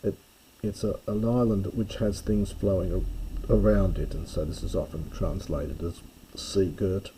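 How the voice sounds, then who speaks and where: A man giving a careful, explanatory close reading of a Greek play as a lecturer, pausing to correct himself. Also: low voice, fairly even intonation, mellow, a little hiss or hum, low-quality recording. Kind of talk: slow scholarly close reading.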